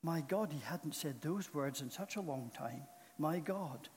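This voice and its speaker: A man preaching a sermon in a church, speaking in a slow, solemn and earnest way. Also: fairly high pitch, animated, darkish tone. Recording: long reverb of a large hall.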